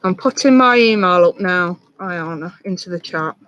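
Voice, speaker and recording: A tarot reader on a live stream, talking softly and reassuringly to a viewer, with many ums and restarts. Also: medium pitch, normal speed, highs cut off.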